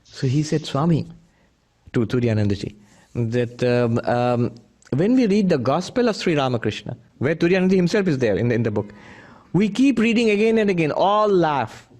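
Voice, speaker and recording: A man's voice: on the high side, big pitch swings, brisk, darkish tone. A man who is a monk, giving a spiritual talk full of anecdotes, chuckling often as he tells them. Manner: chuckling storyteller, many restarts. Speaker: monk teacher.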